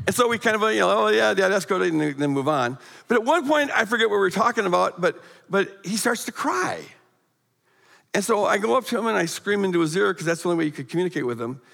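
A middle-aged man giving a guest sermon, telling a personal story with animated, emphatic rises and frequent stammered restarts. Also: sits high, quick pace, gravelly. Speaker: guest speaker. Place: church sanctuary. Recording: long hall reverb.

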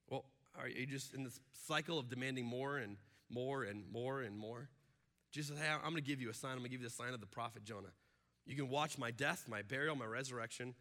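A man preaching a sermon as pastor, animated and acting out the voices he quotes. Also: mid-range voice, fast. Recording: long hall reverb.

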